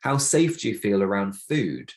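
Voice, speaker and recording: A man's voice: on the low side, big pitch swings, normal speed, darkish tone. A man presenting a webinar on breathwork, explaining things in an encouraging, plain way with the odd filler and restart.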